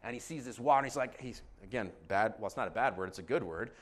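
A man's voice: medium pitch, quick pace. A male pastor preaching a sermon, telling stories with jokes and reading scripture aloud. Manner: animated, joking storyteller.

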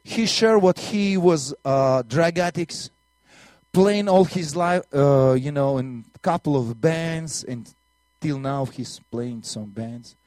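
Missionary preacher from Latvia, Russian accent, slightly high male voice, dry close sound, earnest testimony style. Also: takes it slowly, darkish tone, no room sound. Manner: earnest storytelling with broken English and repeated words. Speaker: minister and missionary. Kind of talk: testimony sermon.

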